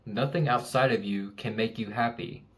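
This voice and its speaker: A man's voice: on the low side, normal speed. A young man giving an earnest, emphatic motivational talk, repeating key lines and swearing casually. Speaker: self-help speaker.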